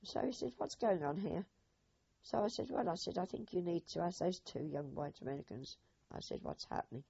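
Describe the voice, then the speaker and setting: An older woman telling her own memories as oral history, in a husky voice, acting out each speaker's quoted words. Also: on the low side, expressive, brisk, warm tone. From Britain. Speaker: eyewitness. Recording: dull lo-fi recording.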